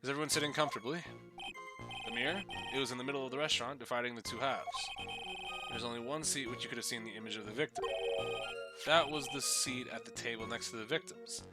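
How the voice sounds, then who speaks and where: A man's voice: mid-range voice, natural voice. A man voicing a fussy, flamboyant male restaurant owner in a game, with an old-timey Western twang.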